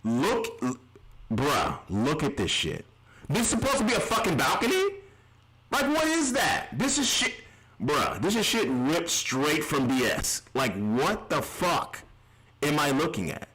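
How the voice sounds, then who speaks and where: A man's voice: fairly high pitch, wildly swooping pitch, measured pace, bright, forceful tone, rough recording. A man streaming live reactions, ranting in an exasperated, heavily profane way.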